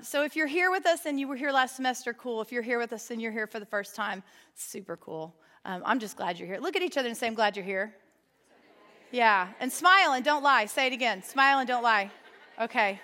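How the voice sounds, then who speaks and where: A woman's voice: a little high, sharp tone. A middle-aged woman leading a women's Bible study, talking to the group in an enthusiastic, playful way. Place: church meeting room with an audience. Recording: long hall reverb.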